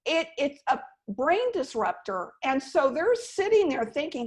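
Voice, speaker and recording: Woman sales coach, host, lively conversational delivery, slightly higher pitch. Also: a little slow. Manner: lively, demonstrates phone intonation. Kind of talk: conversational interview.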